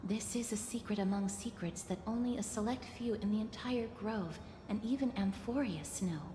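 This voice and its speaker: An actress playing a calm, formal young woman in a fantasy game, speaking softly and in measured phrases. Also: medium pitch, slight background noise, close to an everyday voice. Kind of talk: game voice acting. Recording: roomy game audio with long reverb.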